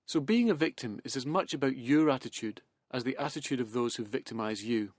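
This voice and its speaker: A man in calm, measured self-help talk that leads into hypnosis, slowing and softening as he goes. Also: mid-range voice, no room sound.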